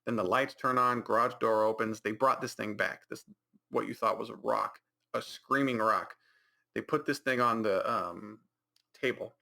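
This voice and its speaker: A man's voice: on the low side, fairly even intonation, moderate pace, creaky, bright, forceful tone. A man hosting a podcast, rambling through a mocking recap of a movie with many restarts and put-on reactions. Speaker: podcast host.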